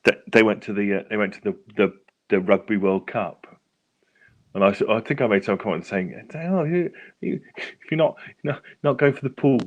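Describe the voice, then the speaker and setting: A man's voice: fairly low pitch, normal speed, muffled recording. A British man co-hosting a casual chat show who laughs a lot and tells anecdotes. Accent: British English. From England. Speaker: podcast co-host.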